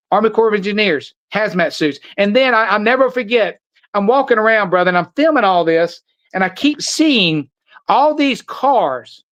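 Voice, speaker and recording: An older man speaks as a podcast guest, his voice sitting high for a man. He talks with urgent intensity, restarting sentences and repeating words as he pushes on. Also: fairly bright tone. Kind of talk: podcast conversation.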